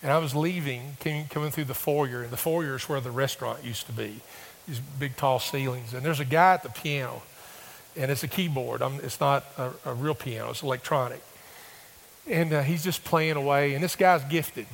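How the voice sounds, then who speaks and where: A male pastor, preaching a sermon and telling stories that rise to emphatic, excited bursts. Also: mid-range voice, normal speed, vocal fry, in a large hall, a little hiss or hum. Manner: storytelling, rising to emphatic bursts.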